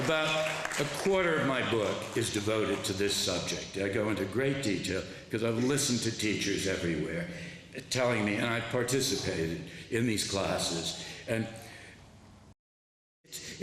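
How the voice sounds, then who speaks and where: A man's voice: on the low side, fairly bright tone. Impassioned older man in echoey hall. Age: 70s. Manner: impassioned, tells stories with quoted dialogue. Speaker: author and former teacher giving a talk. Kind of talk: public lecture with storytelling. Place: large lecture hall with an audience. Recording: echoey hall, faint background noise.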